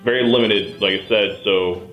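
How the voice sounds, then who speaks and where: A man explaining a new beer on a radio show, relaxed and full of fillers. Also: fairly low pitch, moderate pace, highs cut off, loud music behind the voice. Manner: laid-back, hesitant with many fillers. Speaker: beer expert guest. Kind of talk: casual product talk. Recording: roomy echo.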